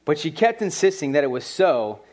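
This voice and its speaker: A man with a fairly high voice giving a relaxed, lively sermon. He talks casually with lots of filler words and often turns to the congregation with questions. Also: fairly quick. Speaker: pastor. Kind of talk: conversational sermon.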